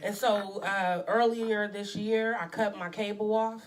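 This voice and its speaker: A woman co-hosting a casual talk show, speaking in a measured, earnest way. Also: mid-range voice, steady tone, a crowd in the background. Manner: measured, earnest, lots of short agreeing replies. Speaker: podcast co-host. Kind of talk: casual chat.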